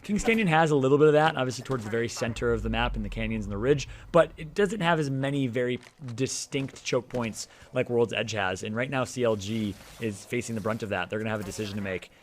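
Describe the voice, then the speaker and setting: A man's voice: medium pitch, fast talker, hardly any pauses. A man with a Midwestern American accent doing chatty, joking color commentary on an esports match. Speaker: esports analyst and co-caster.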